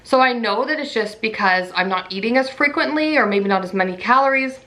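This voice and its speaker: Chatty bright-voiced young woman vlogging. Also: a little high, brisk. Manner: chatty, says "like" often. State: pregnant. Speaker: pregnancy vlogger. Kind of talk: casual vlog chat.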